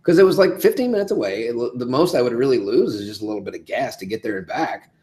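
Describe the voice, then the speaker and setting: A man hosts a casual livestream, answering viewer comments in a loose, rambling way. His voice sits at a middle pitch but swings up high and loud when he gets excited. He sounds like a voice actor talking plainly to his audience. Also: fast talker. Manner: rambling, animated, big swings of pitch and loudness. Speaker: voice actor hosting a live Q&A.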